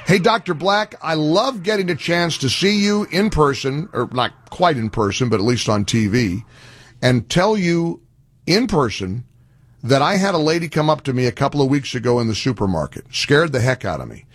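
A man's voice: fairly high pitch, animated, moderate pace, slightly rough, dry recording. A male radio talk show host making an earnest, pleading appeal, often restarting his sentences.

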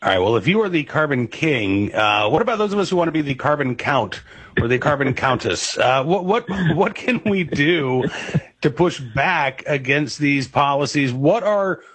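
A male radio host interviewing a guest, halting with many fillers. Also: on the high side, lively intonation, a bit bright, slightly rough, dry recording.

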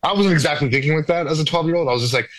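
A young adult man, a comedian guest, talking casually in an interview, relaxed with lots of "like" fillers and playful quoted asides. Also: fairly high pitch, rapid-fire, dry recording, rough recording.

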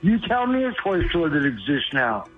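A man's voice: fairly high pitch, very animated, moderate pace, faint music behind. A man calling in as a regular on a talk radio show, earnest and worked up, laughing often. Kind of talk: casual call-in chat. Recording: dull lo-fi phone line.

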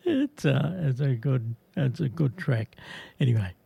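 Gravelly-voiced radio host. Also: male voice, medium pitch, big pitch swings, a little slow, warm tone, no room sound, dull audio. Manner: chatty, rambling, easily amused. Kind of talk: casual radio chat.

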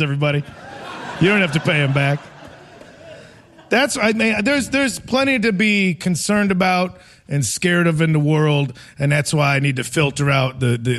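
A man's voice: fairly high pitch, a bit bright. A man in his forties doing a live stand-up set in a theater, rambling and self-mocking, often laughing through his lines. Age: 40s. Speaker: stand-up comedian. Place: theater stage before a live audience.

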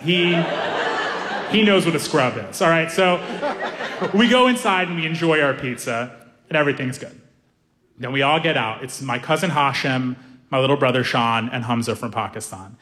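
A young man doing animated stand-up storytelling, acting out voices with sudden high-pitched outbursts. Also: in a large hall. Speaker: stand-up comedian.

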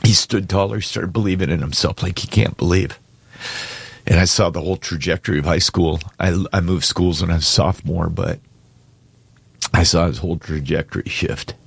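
Man, very deep voice, husky, heartfelt storyteller, dry sound. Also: steady tone, moderate pace, dry recording. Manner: emotional storyteller, choking up. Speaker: co-host. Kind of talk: casual chat.

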